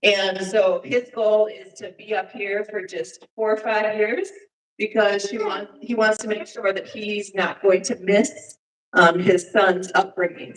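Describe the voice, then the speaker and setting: Woman, church speaker presenting slides, halting delivery with frequent fillers, distant and echoey room sound. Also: mid-range voice. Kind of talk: informal presentation to a congregation. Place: church sanctuary.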